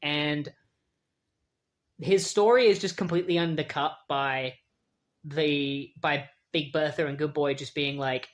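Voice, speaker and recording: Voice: mid-range voice, fairly even intonation, measured pace. Chatty comic book reviewer. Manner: chatty, lots of fillers and wry asides. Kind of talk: casual comic book recap.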